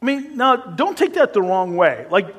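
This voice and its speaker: High-voiced, animated man preaching. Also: normal speed. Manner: animated and emphatic, with conversational asides; acts out quotes in a shifting voice. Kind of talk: sermon.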